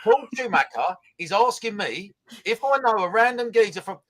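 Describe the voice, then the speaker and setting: A man, co-hosting a casual chat and telling an animated story. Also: sits high, normal speed, rough recording. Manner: animated storytelling, laughing at his own tale. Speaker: co-host.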